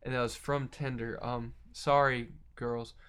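A tired young man, a musician worn out from long hours awake, tells long rambling stories in a casual interview, swearing freely and laughing between lines. His mid-range voice is level, a little slow, and fairly bright with a clean tone.

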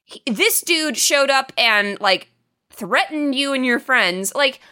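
A woman co-host talks through a horror film in casual chat. Her voice is high and bright and swoops all over the place. She swears freely and plays out the characters' lines as she goes. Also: expressive, takes it slowly. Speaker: podcast co-host.

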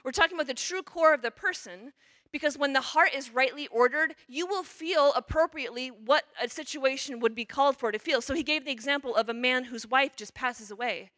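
Brief: chatty nun preaching a parish mission, bright voice, dry close sound. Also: female voice, high-pitched, brisk, no echo. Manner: chatty, checks in with "okay?" and "you know". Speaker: religious sister giving parish mission talk. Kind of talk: conversational sermon.

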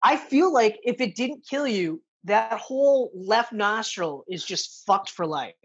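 A woman in a relaxed film chat, swearing freely and acting out lines from the movie. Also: medium pitch, measured pace, slightly rough, highs cut off. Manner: casual, swears often, acts out movie lines. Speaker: podcast co-host. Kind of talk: casual movie review chat.

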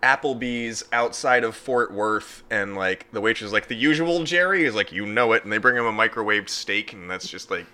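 A man's voice: lowish voice, fairly even intonation, moderate pace, few pauses, sharp tone, clear, resonant tone. A man co-hosting a podcast in casual chat, rambling and joking, now and then slipping into goofy impressions. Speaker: podcast co-host.

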